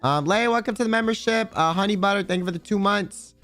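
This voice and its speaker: A man's voice: sits high, fast talker, a bit bright. A man streaming live, chatting casually with his viewers in a rambling, crude, joking way. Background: faint background music.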